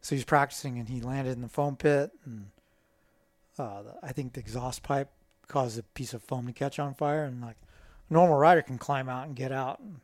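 A middle-aged man, a guest, telling stories in a casual, animated way and acting out the voices of people in them. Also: mid-range voice, moderate pace, no room sound. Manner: animated, acts out quoted dialogue. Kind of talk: casual storytelling.

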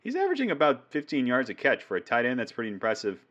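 A man's voice: mid-range voice, wildly swooping pitch, fairly bright tone, muffled recording. A man co-hosting a fantasy football show, chatting casually with a jokey, rambling manner. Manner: jokey, rambling, quick to riff. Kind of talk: casual sports chat.

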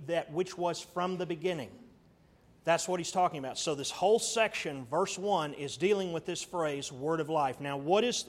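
A middle-aged man, a pastor, teaching a verse-by-verse sermon, asking the congregation questions and moving between quiet asides and emphatic raised lines. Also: a little high.

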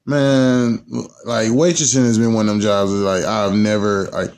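A man in casual chat, telling animated stories, swearing freely and repeating the same catchphrase. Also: on the low side, moderate pace, clean tone. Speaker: podcast co-host.

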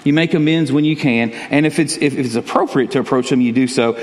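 Conversational pastor preaching in a hall. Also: male voice, mid-range voice, fairly quick. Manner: conversational, repeats words, chuckles. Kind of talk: sermon. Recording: long reverb of a large hall.

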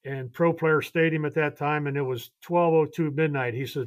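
Speaking at a moderate pace in a slightly high, steady voice, a veteran baseball coach in his later years shares heartfelt personal stories on a podcast. He is earnest and often starts his sentences over.

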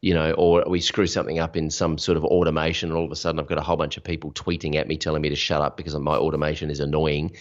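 A man talks frankly as a podcast guest, sharing personal stories and upbeat advice. His voice sits very low. The sound is a little dull and lo-fi. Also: little pitch movement, racing, few pauses. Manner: frank, storytelling, motivational. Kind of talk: candid interview conversation.

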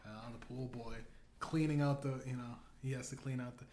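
A man's voice: medium pitch, steady tone, a little fast, warm tone. A man hosting a comedy podcast, rambling through a profane, meandering monologue and laughing at his own jokes. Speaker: podcast host. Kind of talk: stand-up style comedy monologue. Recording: echoey room, faint noise.

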